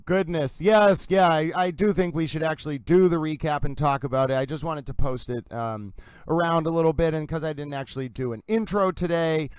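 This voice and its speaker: A young man hosting a casual livestream, chatty and excitable, rambling and wired from caffeine. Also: a little high, smooth, no room sound, poor audio. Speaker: livestream host.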